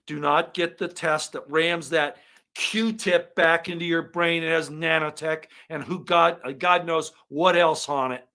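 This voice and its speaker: A man giving an angry monologue to his viewers, swinging from loud outbursts to low muttering. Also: fairly even intonation, a little slow, gravelly. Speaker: online commentator.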